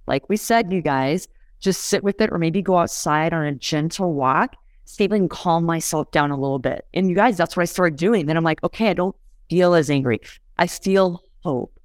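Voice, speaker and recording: A woman's voice: deep voice, fairly quick, dry recording. A woman who is a podcast guest, explaining in a conversational way and often checking in with listeners by asking if it makes sense. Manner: keeps checking in with listeners, "you guys", "does that make sense".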